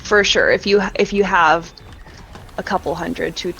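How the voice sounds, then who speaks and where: An adult woman guest on a live-stream talk show, chatting in a relaxed, easygoing way. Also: fairly low pitch, measured pace, vocal fry, a little hiss or hum. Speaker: guest streamer and content creator. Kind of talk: casual chat.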